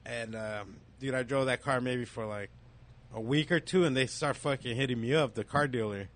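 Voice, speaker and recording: A man's voice: medium pitch, normal speed. Man, casual slangy storyteller, swears a lot, acts out both sides. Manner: profane, animated storytelling, acts out dialogue. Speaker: storyteller in a casual group chat. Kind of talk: casual chat.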